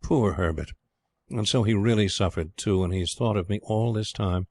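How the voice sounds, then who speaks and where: A man voicing a gentle middle-aged mother, speaking softly and composedly in a low voice with a dry close sound. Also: moderate pace, no room sound. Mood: troubled.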